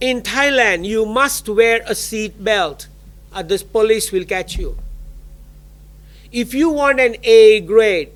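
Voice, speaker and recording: A man's voice: sits high, a bit bright. A man teaching a university class in a lecture style, drilling words aloud and mixing in Thai explanations. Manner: mixes English and Thai, drills vocabulary aloud.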